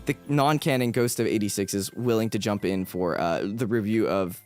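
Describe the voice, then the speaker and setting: Very low-voiced woman chatting on stream. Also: moderate pace, a little mellow, faint music behind. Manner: laughs often, slips into a jokey Australian slang voice. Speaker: streamer host. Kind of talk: casual chat.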